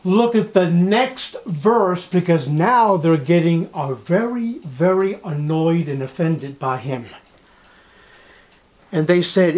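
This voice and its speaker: A man's voice: a little high, takes it slowly, a little mellow. A male preacher giving a sermon, emphatic and repetitive, full of rhetorical questions.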